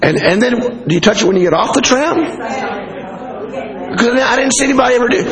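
An American man preaching a sermon, animated and humorous, telling stories with frequent chuckles. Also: very high voice, a little fast, crowd noise, low-quality recording.

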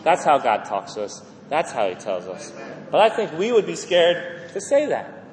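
A man preaching a sermon in a lively, animated way, often acting out quoted voices and repeating words as he builds a point. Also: on the high side, moderate pace. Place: church hall. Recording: echoey hall with faint ambience.

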